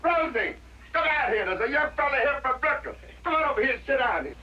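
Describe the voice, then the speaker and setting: A man's voice: on the high side, big pitch swings, fairly quick, a bit bright, breathy edge, exaggerated voice. An actor playing a jovial older retired vaudevillian who cracks folksy jokes and laughs at his own gags. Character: jovial wisecracking old male ex-vaudevillian farmer. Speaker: retired vaudevillian dog act performer. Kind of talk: 1960s TV drama acting. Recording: dull lo-fi 1960s TV soundtrack with faint hiss.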